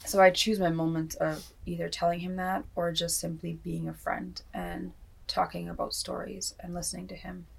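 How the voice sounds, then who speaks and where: A woman's voice: on the low side, flat delivery, normal speed, vocal fry, husky. A woman, an outreach van worker, speaking heartfelt and reflective in a documentary interview.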